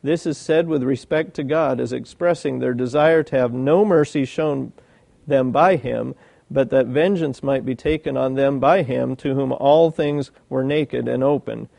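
A man delivering a sermon, moving between reading old commentary and asking his hearers questions. His voice is gravelly and warm, pitched a little high. The sound is dry and close. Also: unhurried, dry recording. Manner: reads old commentary aloud, breaks off to ask the listeners questions. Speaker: preacher.

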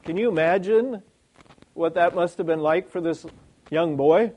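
Male preacher, slightly higher voice, lively sermon delivery with frequent rhetorical questions. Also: measured pace, rough recording. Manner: animated, lots of rhetorical questions.

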